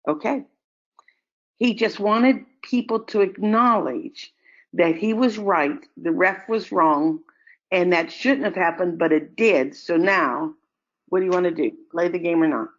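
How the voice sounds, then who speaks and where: An older woman with a fairly low voice answers questions as an expert guest in an online Q&A session, speaking at a measured pace. She is calm and explanatory and tells stories with acted-out quotes, all on dull lo-fi audio.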